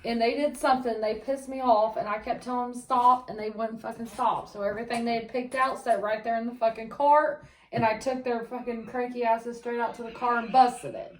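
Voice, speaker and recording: A blunt woman with a fairly high voice co-hosts a casual podcast and swears heavily. Her voice rings around an echoey room. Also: fairly even intonation, a little fast, hardly any pauses. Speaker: podcast co-host. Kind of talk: casual chat.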